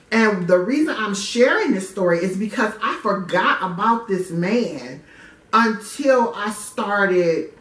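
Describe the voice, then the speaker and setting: A woman from Detroit tells her own story straight to the camera, candid and animated and swearing freely, in a mid-pitched voice. She sits some way back from the mic in an echoey room. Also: distant mic. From Detroit, USA. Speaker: vlogger telling a personal story. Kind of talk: casual first-person storytelling.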